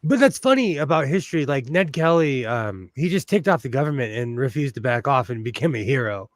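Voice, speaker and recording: A man's voice: mid-range voice, very animated, a little fast, no room sound. A man, hosting a casual livestream while he sews, rambling and sentimental with lots of fillers. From United States. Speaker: host.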